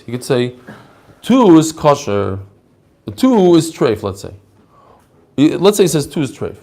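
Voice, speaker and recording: A man teaching a lively Talmud class, mixing in Hebrew and Aramaic terms and acting out the rabbis' answers. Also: on the high side. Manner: animated, mixes Hebrew and Aramaic terms, acts out quoted answers.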